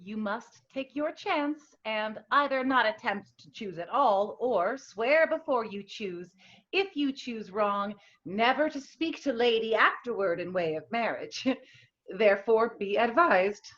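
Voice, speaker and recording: A woman reading a poised, formal noble lady in an amateur play reading, speaking verse in a measured way. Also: fairly high pitch, lively intonation, a bit bright. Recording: muffled lo-fi audio.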